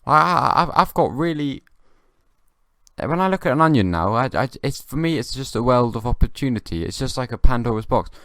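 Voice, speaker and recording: A young man hosting his own comedy podcast, rambling in a halting, dry way with many restarts. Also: medium pitch, expressive, fairly bright tone, no echo. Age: young adult. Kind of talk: rambling comic monologue.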